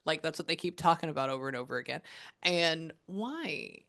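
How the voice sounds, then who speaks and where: A woman working as a psychic medium, talking casually and excitedly with many fillers, relaying what spirits say. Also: medium pitch, normal speed. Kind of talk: casual spirit reading session.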